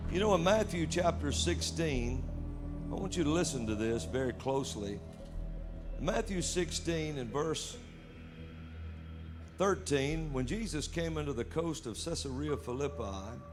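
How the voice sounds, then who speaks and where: A man preaching a sermon at a church service, reading scripture aloud with animated delivery. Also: mid-range voice.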